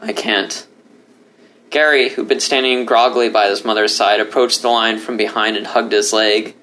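A man reading a story aloud as narrator, in a steady, expressive way. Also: lowish voice, fairly quick, a little hiss or hum. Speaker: story reader. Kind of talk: audiobook narration.

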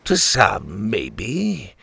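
A man's voice: medium pitch, big pitch swings, takes it slowly, vocal fry, fairly bright tone, no room sound, full character voice. A man voicing a cocky male pirate captain with a playful, mocking manner. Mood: smug, playful.

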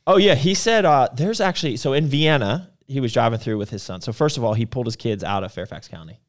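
A man co-hosting a casual live show tells long, rambling stories packed with fillers. He talks fast in a mid-range voice with lively intonation.

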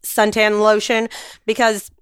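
A woman co-hosting a podcast in casual chat, hoarse from sinus trouble, rambling and laughing often. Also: mid-range voice, completely flat delivery, measured pace, fairly bright tone, dry recording, clean studio sound. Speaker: podcast co-host.

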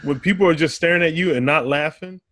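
A stand-up comedian appears as a guest on a casual podcast, telling stories animatedly in a fairly high, quick voice, swearing heavily and laughing often. There's no echo.

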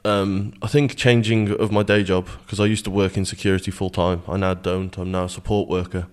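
A man with a very low voice, reflecting earnestly on his work. He often stumbles and repeats his opening words as he thinks aloud, speaking in a studio interview. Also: level tone, a little fast, darkish tone, smooth. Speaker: guest, security manager.

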